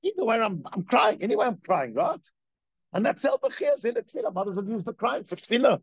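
A man's voice: sits high, fairly quick, husky, dry recording, lo-fi sound. A man teaching a Torah class, reading a text and explaining it with strong emphasis and repetition. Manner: reads Hebrew text, then explains in English with rising emphasis; animated, repeats points for emphasis.

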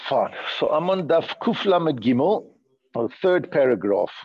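A man's voice: a little high, big pitch swings, unhurried, breathy edge, lo-fi sound. A man giving an informal Torah class in a study hall, explaining texts with many restarts, jokey asides and Yiddish-inflected phrasing. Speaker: Torah teacher. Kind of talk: informal Talmudic class lecture.

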